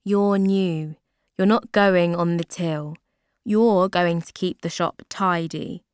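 A woman voicing a brisk female shop manager who gives firm, bossy orders in a storybook reading. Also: on the low side, fairly even intonation, smooth, no room sound, clean studio sound.

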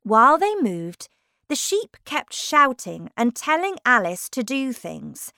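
A woman reads a children's story aloud at an unhurried pace. Her voice is high and bright with a lively, singing lilt. The sound is close and dry. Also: vocal fry, no room sound. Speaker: narrator. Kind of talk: storybook reading.

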